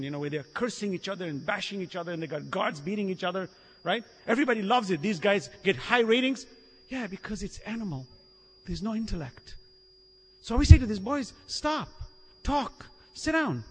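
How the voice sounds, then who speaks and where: A man preaching in a lively storytelling way, acting out the people in his stories and laughing along as he goes. His voice is high for a man and husky. It rings out with the long reverb of a large hall. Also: brisk. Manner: animated storyteller acting out quotes, laughing often. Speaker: Islamic preacher. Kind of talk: sermon with storytelling.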